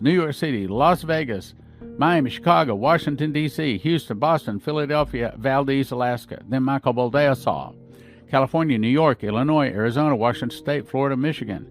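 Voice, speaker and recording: A man hosting a podcast, reading dreams and visions aloud and breaking off with his own asides. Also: mid-range voice. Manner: reads accounts, breaking off with asides. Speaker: podcast host. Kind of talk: reading prophecies aloud with commentary.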